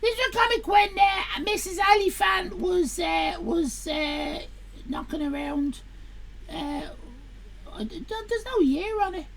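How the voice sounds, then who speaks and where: A woman's voice: very high-pitched, a little slow, vocal fry, slight background noise, exaggerated voice. A woman voicing a sassy sixteen-year-old Irish girl, rambling crudely on a live stream.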